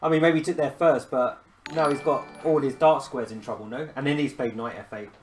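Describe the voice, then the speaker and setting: A man's voice: medium pitch, a little fast, music in the background. A man hosting a live chess stream, talking casually and self-deprecatingly, often laughing as he thinks aloud.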